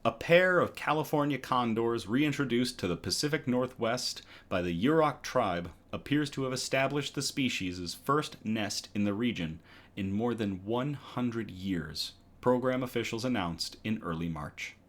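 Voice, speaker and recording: A man's voice: mid-range voice, lively intonation, unhurried, a bit bright. A man hosting a casual online news show, reading articles aloud in a conversational way with frequent ums and self-corrections.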